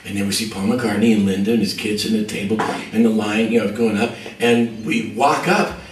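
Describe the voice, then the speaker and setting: A man's voice: fairly low pitch, normal speed, a little hiss or hum. Man spinning a story, roomy and distant. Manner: lively, acts out other people's voices. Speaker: musician telling a story. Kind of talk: anecdotal storytelling.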